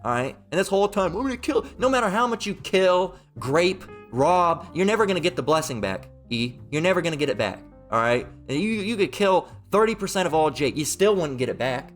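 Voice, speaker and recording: A man's voice: fairly high pitch, sing-song, brisk, few pauses, soft background music. A man giving a heated Bible commentary, mocking, profane and repetitive as he reads and rants. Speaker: Bible teacher.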